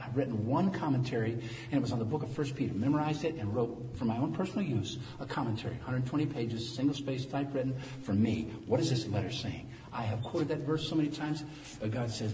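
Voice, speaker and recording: A pastor in his sixties preaching an animated sermon that swings from quiet talk to loud preaching, recorded in a church. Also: medium pitch, fast talker, slight background noise. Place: church sanctuary. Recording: echoey hall from far off.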